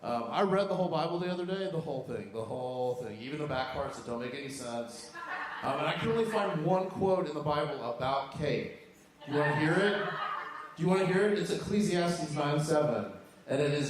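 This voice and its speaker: Campy man doing stand-up in an echoey club. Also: fairly quick. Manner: campy, sassy punchlines with high squealing voices for quoted lines. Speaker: stand-up comedian. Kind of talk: stand-up comedy set. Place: comedy club stage. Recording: echoey club with audience noise. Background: audience laughter.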